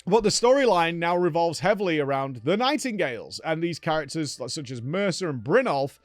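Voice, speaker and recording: Male streamer host, lively storyteller who acts out lines, fairly high voice, dry recording. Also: brisk, dry recording, soft background music. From United Kingdom. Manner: animated storytelling, acts out exchanges with "I'm like". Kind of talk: casual gaming recap chat.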